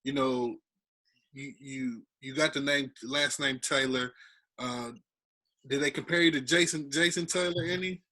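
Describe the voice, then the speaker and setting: A man hosting a podcast, asking questions in a halting, casual way. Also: mid-range voice, fairly even intonation, sharp tone, low-quality recording. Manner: quick back-channel replies, halting questions. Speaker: podcast host. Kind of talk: casual interview.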